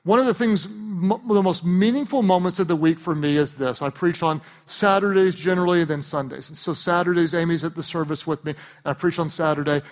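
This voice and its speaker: Male pastor, high voice, lively and funny sermon delivery with shouted emphasis. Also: fairly quick, few pauses. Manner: animated and humorous, swells to shouts on key points.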